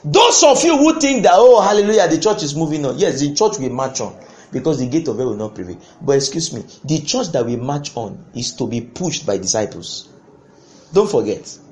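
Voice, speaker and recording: A man preaching a sermon, impassioned, breaking into sudden loud bursts. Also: mid-range voice, sing-song, moderate pace.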